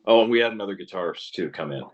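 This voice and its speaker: A man's voice: sits low, expressive, racing, lo-fi sound. A man in his thirties, a musician guest in a casual interview, rambling through stories, swearing freely and laughing often.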